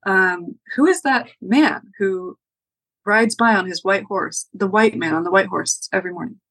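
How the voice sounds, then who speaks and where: A woman's voice: medium pitch, normal speed, a bit bright. Woman voicing a flustered young girl. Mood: curious. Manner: flustered, stammering when panicked. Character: young girl apprentice, wise, anxious.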